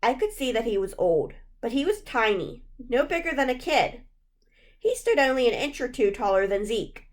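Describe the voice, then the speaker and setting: A woman reading a spooky children's novel aloud in steady, measured first-person narration. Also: a little high. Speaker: audiobook reader.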